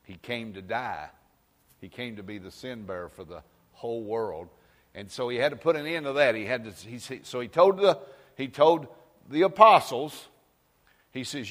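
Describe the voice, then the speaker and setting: A man preaching in a folksy, storytelling way, calling out to the congregation for an amen now and then. His voice sits at an ordinary middle pitch for a man. It rings out with the long reverb of a big church hall. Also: normal speed, fairly bright tone. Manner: folksy storytelling, asks the crowd for amens. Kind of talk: folksy sermon.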